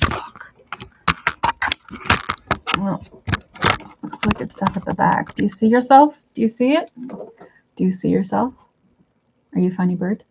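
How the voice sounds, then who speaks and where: A woman's voice: mid-range voice, lively intonation, moderate pace, vocal fry, pauses often, highs cut off, noisy background. A woman chatting casually to her pet bird in cooing baby talk, swearing now and then. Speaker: vlogger.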